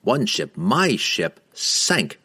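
A man's voice: lowish voice, wildly swooping pitch, extremely slow, bright, forceful tone, husky, full character voice. A man reading an audiobook, voicing a bitter captive male pirate captain who groans and pleads. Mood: desperate. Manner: strained, groaning, pleading delivery.

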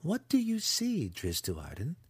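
A man voicing a young female dark elf in an audiobook, asking questions softly. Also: medium pitch, sing-song, moderate pace, breathy edge, dry recording. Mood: curious. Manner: soft, hushed questioning. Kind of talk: audiobook character voice.

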